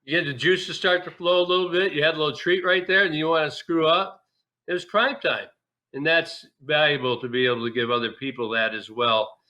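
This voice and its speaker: A man recalling his playing days in a relaxed interview. His voice is bright and forceful. He tells it candidly, in a folksy way, stumbling over restarts as the memories come. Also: a little high, brisk. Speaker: guest, former pro ballplayer. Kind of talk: casual interview storytelling.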